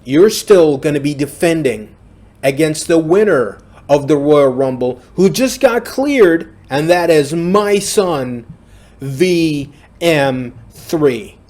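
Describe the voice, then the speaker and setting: A man voicing an excited older male wrestling company boss who makes a big announcement in a loud, climbing delivery. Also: fairly high pitch, takes it slowly.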